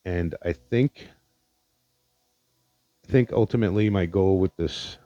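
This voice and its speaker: Deep-voiced, mellow-toned podcasting man. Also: a little slow, pauses often, dry recording, faint music behind. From Indiana, Pennsylvania, USA. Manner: rambling, profane, sincere, with many fillers. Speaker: podcast host. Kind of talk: casual solo podcast monologue. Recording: dull lo-fi dry recording.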